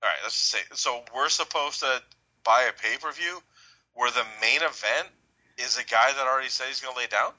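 A man co-hosting a casual podcast, talking animatedly and doing quick voices when quoting people. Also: medium pitch, poor audio. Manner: animated, mimics voices in quoted bits. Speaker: podcast co-host. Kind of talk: casual wrestling talk.

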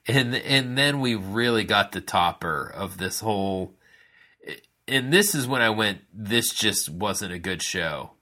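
A man co-hosting a casual podcast, speaking in a measured, slightly hesitant way. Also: on the low side, sharp tone. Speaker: podcast co-host. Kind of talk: casual wrestling talk.

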